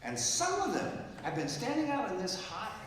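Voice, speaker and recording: A man in his seventies preaching a storytelling sermon, swinging from loud exclaiming to hushed quoted words. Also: high-pitched, huge pitch swings, normal speed. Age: 70s. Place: large church hall. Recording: echoey hall, mic from far off.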